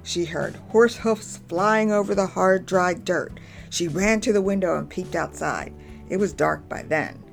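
A woman narrating a story aloud in a measured, even way. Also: lowish voice, creaky, faint music behind.

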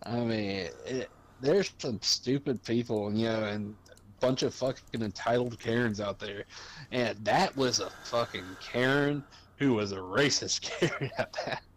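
A man's voice: medium pitch, a little slow, slight background noise, rough recording. A man chatting casually, laughing along and swearing freely.

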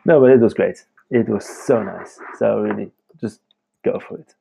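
A man's voice: fairly low pitch, wildly swooping pitch, slow pace, gravelly, noisy background. A young man hosting a casual late-night podcast from home, rambling and chatty, laughing often as he talks. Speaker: podcast host.

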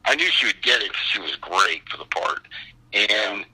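Man in his sixties, husky voice, very bright tone, swinging pitch, casual anecdote telling. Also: normal speed, low-quality recording. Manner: animated storyteller who acts out the other people in his story. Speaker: actor guest.

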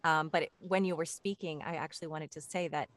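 A woman's voice: deep voice, steady tone, fairly quick, a little hiss or hum. A woman hosting a conversation who works as a medium, responding to her guest thoughtfully. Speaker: host and medium. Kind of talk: conversational interview.

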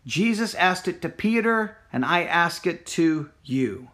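A man giving a devotional sermon, earnest and searching, repeating his questions slowly. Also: sits high, expressive, fairly bright tone. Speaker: pastor.

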